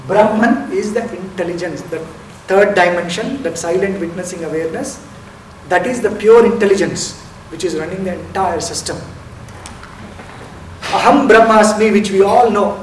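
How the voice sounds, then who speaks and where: Man, high-pitched, meditation teacher, explains and asks rhetorical questions, miked from a distance. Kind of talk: spiritual lecture. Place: lecture hall. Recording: roomy hall, distant mic, faint noise.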